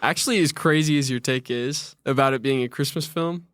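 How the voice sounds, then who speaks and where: A man speaks as a guest on a film podcast in a mid-pitched voice. He sounds earnest and agreeable, recorded close and dry. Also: a little fast, a bit bright, clear, resonant tone, no room sound. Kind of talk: casual film discussion.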